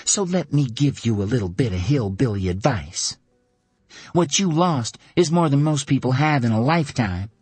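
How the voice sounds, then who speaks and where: A man reading an audiobook, voicing a fierce blunt woman who survived a hard injury and lashes out in rapid scolding. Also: mid-range voice, expressive, darkish tone, husky, no room sound, faint music behind, pitched above the performer's own voice. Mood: intense. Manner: mocking then furious, rapid scolding. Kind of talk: audiobook character voice.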